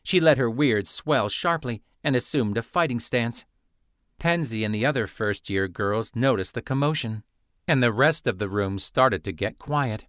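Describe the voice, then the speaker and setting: A man reading a novel aloud as an audiobook narrator, in steady scripted narration. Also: medium pitch, normal speed, no room sound, studio quality.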